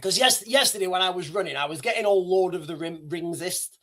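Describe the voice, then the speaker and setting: High-voiced man rambling on a livestream. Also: fairly quick, fairly bright tone. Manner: rambling, many restarts and fillers. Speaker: livestream host. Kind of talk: casual livestream chat.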